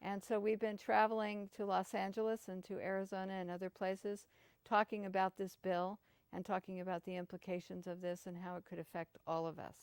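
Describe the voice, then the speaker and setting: A woman guest explaining her concerns in an earnest, steady interview style. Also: mid-range voice, brisk, clean tone, dry recording. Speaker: guest activist. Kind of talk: interview answers.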